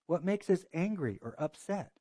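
A man's voice: high-pitched, lively intonation, moderate pace, warm tone, no echo. A man preaching a sermon as a pastor, earnest and full of rhetorical questions.

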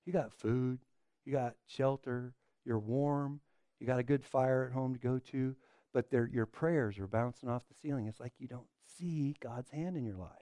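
A pastor preaching a sermon in a mellow, dark-toned male voice. He presses his listeners with rhetorical questions and stumbles over repeated words as he builds his points. The sound is dry and close, with no room around it. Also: mid-range voice, moderate pace, no echo.

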